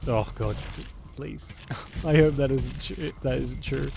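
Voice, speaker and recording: A man's voice: medium pitch, takes it slowly, creaky, background noise. A man chatting casually while streaming a game live. He laughs often and keeps saying meow. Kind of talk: casual live gameplay chat.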